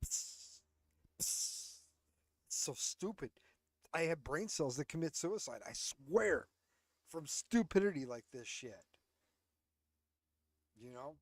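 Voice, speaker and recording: A man's fairly high voice comes through expressive and unhurried, with frequent pauses and no echo. He is the host of a home commentary show, delivering a casual, blunt, sarcastic rant laced with swearing, captured close on a headset.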